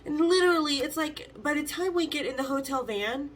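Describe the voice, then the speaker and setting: A woman in her fifties, the host, telling stories in a casual, animated way, swearing freely and acting out the voices of the people in them. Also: sits high, fairly quick, a little hiss or hum. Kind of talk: casual storytelling.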